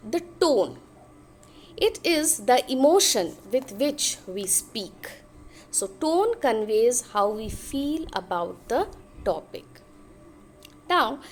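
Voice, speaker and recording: A woman lecturer from India with an Indian English accent, explaining slowly and deliberately, with fillers and self-corrections. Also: on the high side. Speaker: college lecturer. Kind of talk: recorded lecture.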